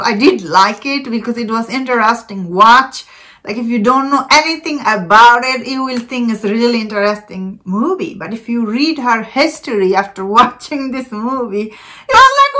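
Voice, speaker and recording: Bright-voiced chatty woman reviewing a film. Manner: chatty, many fillers and laughs, expressive rises in pitch. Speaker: movie reviewer. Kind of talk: casual spoken film review.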